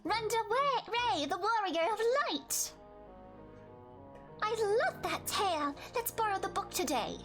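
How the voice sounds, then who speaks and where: A woman's voice: very high voice, animated, unhurried, fairly bright tone, faint music behind, pitched above the performer's own voice, exaggerated voice. A woman doing an eager young boy. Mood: excited.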